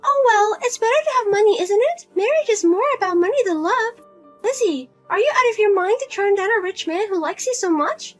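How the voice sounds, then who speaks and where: A woman's voice: extremely high pitch, lively intonation, brisk, faint music behind. A woman voicing a pushy middle-aged mother who nags and guilt-trips her grown daughter. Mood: nagging, whiny. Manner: nagging, pleading, guilt-tripping.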